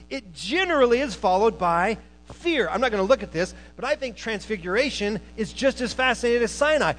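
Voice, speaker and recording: A man preaching a sermon to a church, animated, moving between loud emphasis and quiet asides, who also teaches college students. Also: extremely high pitch, rough recording.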